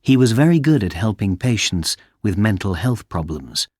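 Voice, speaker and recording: A man narrating a simple story for English learners in a clear, careful reading. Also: lowish voice, sing-song, normal speed, a little mellow, dry recording, clean studio sound. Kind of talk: slow scripted storytelling.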